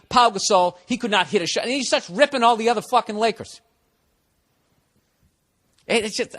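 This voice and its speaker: Profane, ranting man, high voice. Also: pushed and bright. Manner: profane, sarcastic ranting with mocking put-on quotes. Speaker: podcast host. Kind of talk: ranting monologue.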